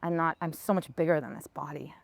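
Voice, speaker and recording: A woman's voice: low-pitched, fairly even intonation, quick pace, gravelly, dry recording. A woman speaking as a podcast guest and hypnotherapist, talking in a casual, earnest and enthusiastic way. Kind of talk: casual interview conversation. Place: town in Costa Rica.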